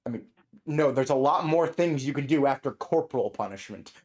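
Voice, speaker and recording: A man playing in a tabletop game, lively and lecturing, laughing often. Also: mid-range voice, brisk. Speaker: player.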